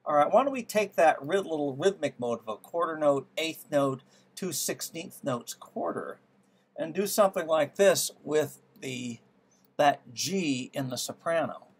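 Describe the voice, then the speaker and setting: A man's voice: a little high, lively intonation, a little slow, slightly rough. A man teaching music theory, trying out ideas aloud and musing as he works through them. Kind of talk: thinking-aloud music lesson. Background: piano playing.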